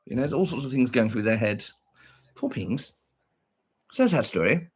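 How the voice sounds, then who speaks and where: Boastful, husky-voiced man. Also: medium pitch, very animated, moderate pace, darkish tone. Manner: playful, boastful, teasing, sing-song asides. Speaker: livestream vlogger. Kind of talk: casual livestream chat.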